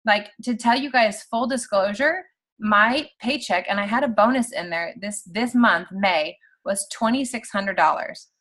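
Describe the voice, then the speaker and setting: A woman in her thirties giving a casual, animated pep talk to her team on a video call. She talks quickly and fills her speech with "like.". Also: medium pitch. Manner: chatty and animated, heavy use of "like". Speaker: team leader on a sales call.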